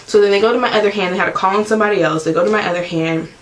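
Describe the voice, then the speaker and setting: Young woman, vlogger, casual storytelling, says "like" a lot, acts out her own shouting. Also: medium pitch, low-quality recording. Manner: chatty, fills every pause with "like".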